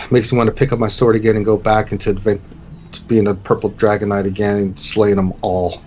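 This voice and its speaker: A man's voice: lowish voice, little pitch movement, fairly quick, darkish tone, dull audio, slight background noise, natural voice. A man doing a burly innkeeper, ex-knight. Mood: angry. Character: burly middle-aged male innkeeper, ex-knight, gruff but kind.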